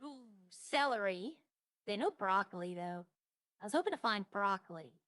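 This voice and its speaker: A woman's voice: medium pitch, expressive, normal speed, fairly bright tone, no echo, studio quality. A young woman streaming a roleplay game, chatting casually to herself as she browses and lists things she sees. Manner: muses aloud, listing items as she browses.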